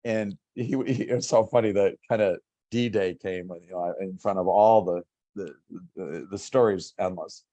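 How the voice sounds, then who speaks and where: Man in his sixties, from Minnesota, lowish voice, dry close sound, animated storyteller. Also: a little slow, dry recording, muffled recording. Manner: animated, acts out past conversations. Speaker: pain doctor guest. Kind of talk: casual interview storytelling.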